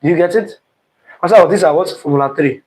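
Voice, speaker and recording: A male physics teacher with a high voice runs an online exam-prep lesson. He repeats himself and keeps quizzing the class with "what?" prompts, rushing some phrases and dragging out others. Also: a little mellow, poor audio. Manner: repetitive, quizzing with "what?" questions; speeds up and slows down, stressing terms.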